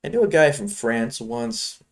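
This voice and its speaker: A Chicago man speaks to his viewers in a medium-pitched, expressive voice at a measured pace. He trades futures live, rambling casually between trades.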